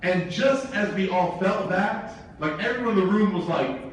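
A man with a fairly high voice gives an informal religious talk, mixing humorous stories with frequent asides. He sounds very echoey and somewhat distant, as if the mic picked him up from across a large hall, with faint noise underneath. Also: expressive, moderate pace. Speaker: Islamic speaker.

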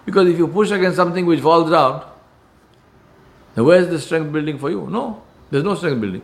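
A man's voice: on the high side, a little fast, creaky. A man preaching a sermon in an earnest manner, stressing points by repetition and often restarting his phrases.

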